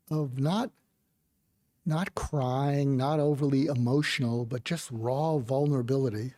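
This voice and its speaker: An older man, a psychiatrist, telling a personal story in a gentle, reflective way during an interview. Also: medium pitch, no echo, studio quality. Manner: gentle, reflective storytelling with soft quoted asides. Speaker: psychiatrist guest. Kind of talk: storytelling in conversation.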